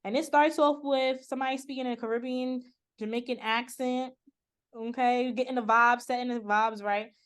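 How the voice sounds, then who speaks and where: Relaxed woman interviewer, fairly high voice. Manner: relaxed, laughs along, quick affirming fillers. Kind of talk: casual interview questions.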